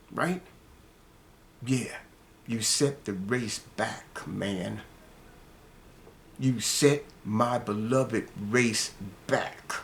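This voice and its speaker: Slow, scolding older man ranting. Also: creaky, fairly bright tone. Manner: slow, heated, repetitive, scolding; drops to low mutters between outbursts. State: angry. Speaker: commentator ranting to camera. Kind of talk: angry monologue rant.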